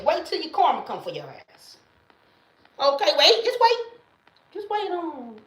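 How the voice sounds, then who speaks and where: Woman, late 30s, livestream monologue, emphatic, profane, animated pitch, echoey room. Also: a little slow, long pauses, slight background noise. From Mississippi, US. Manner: emphatic, profane, repeats catchphrases. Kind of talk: casual live-stream monologue.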